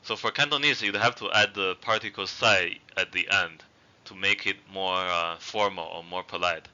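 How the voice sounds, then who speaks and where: A man with a lowish, very bright and smooth voice teaches a language lesson at an unhurried pace. He explains patiently with fillers and says each example word twice for learners. The recording sounds dull and lo-fi.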